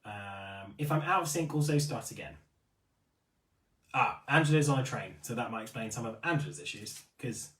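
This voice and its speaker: A chatty man hosting a live stream, his pitch swinging up and down as he reads out viewer comments. He sounds set back from the mic in a roomy, echoing space. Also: moderate pace, recorded from a distance. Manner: chatty, apologetic and animated. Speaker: livestream host for a beauty retailer.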